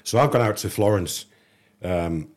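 Speaking a little slowly in a lowish voice, this middle-aged man from England is a guest on a podcast. He tells a lively, casual anecdote, performing the dialogue as he goes.

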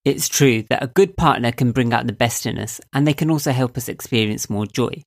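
A young man with a voice he calls squeaky and nasal, giving calm, earnest motivational advice to camera as a self-help video host. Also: a little fast, gravelly. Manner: calm, earnest, coaching tone with rhetorical questions. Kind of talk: reflective motivational talk to camera.

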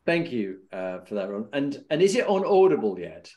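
A man's voice: mid-range voice, very animated, moderate pace, muffled recording, a crowd in the background. Rambling male interview host. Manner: rambling, hesitant questions. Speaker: podcast host. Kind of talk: conversational interview.

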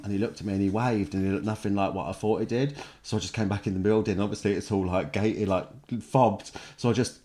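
A man's voice: on the low side, a little mellow. A man co-hosting a podcast, chatting and telling a story with plenty of laughter. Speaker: podcast co-host. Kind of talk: casual chat.

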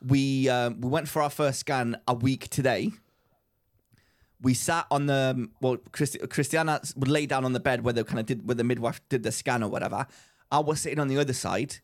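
A young man co-hosting a podcast, an excitable storyteller who laughs often while chatting casually. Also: medium pitch, a little fast. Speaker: podcast co-host. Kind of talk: casual chat.

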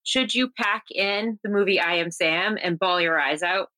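A woman's voice: on the low side, normal speed, pushed and bright. A woman chatting casually as a podcast guest, talking freely and laughing often.

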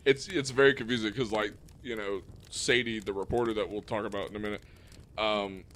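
A man's voice: on the low side, fairly even intonation, fairly quick, fairly bright tone, a little hiss or hum. A man co-hosting a podcast, talking loosely and profanely in casual chat about a film. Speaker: podcast co-host.

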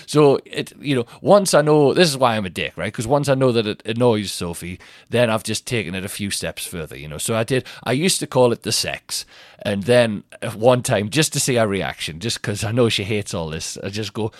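A man's voice: lowish voice, animated, a little fast, no room sound, studio quality. A man in his thirties hosting a podcast, telling rambling, self-mocking stories with lots of restarts. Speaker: podcast host. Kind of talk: casual comic monologue.

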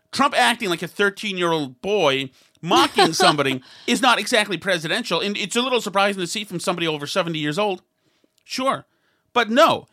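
Bright-voiced sarcastic talk show commentator. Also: mid-range voice. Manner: rambling, sarcastic, mimics others in quotes; frequent restarts and asides.

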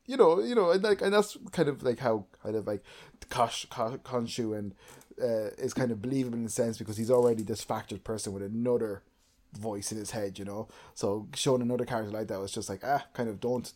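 A young man co-hosting a podcast in casual chat, rambling with lots of fillers and getting animated. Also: on the low side, fairly quick. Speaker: podcast co-host.

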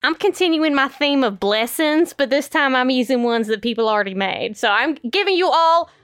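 A woman's voice: high voice, expressive, normal speed, a bit bright, clear, resonant tone, no echo, clean studio sound. A woman co-hosting a podcast in casual chat, playful and giggly. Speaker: podcast co-host.

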